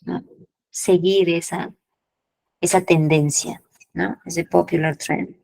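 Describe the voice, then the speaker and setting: A woman runs an English lesson, moving between English and as she explains idioms. Her voice sits fairly low with a gravelly edge, and the sound is dry and close. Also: fairly even intonation, measured pace, darkish tone, no echo, poor audio. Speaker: English teacher.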